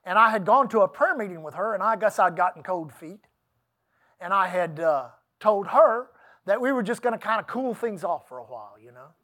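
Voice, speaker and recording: Folksy pastor preaching, high voice. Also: male voice, lively intonation, a little fast, sharp tone. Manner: storytelling, folksy and emphatic, with laughs and asides to the congregation. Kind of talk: sermon.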